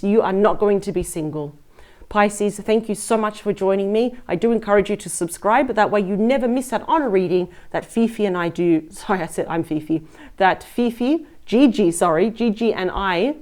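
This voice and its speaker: A woman's voice: mid-range voice, a little mellow. A woman giving a casual, effusive and chatty tarot reading as the host of her channel. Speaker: tarot reader.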